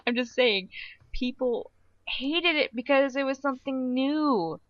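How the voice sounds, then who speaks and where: A woman co-hosting a podcast in casual chat, excitable and emphatic, laughing often. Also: sits high, measured pace, no echo. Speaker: podcast co-host. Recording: dull lo-fi podcast recording.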